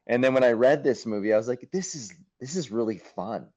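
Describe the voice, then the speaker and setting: Animated actor telling stories, muffled sound. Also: male voice, medium pitch, brisk. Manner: animated, acts out his own thoughts, swears casually. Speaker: actor being interviewed. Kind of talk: casual interview storytelling.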